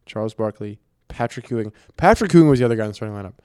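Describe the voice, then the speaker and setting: A man's voice: fairly low pitch, expressive, racing, warm tone, smooth, no room sound, clean studio sound. A young man co-hosting a sports podcast in casual chat, teasing and bantering with his co-host.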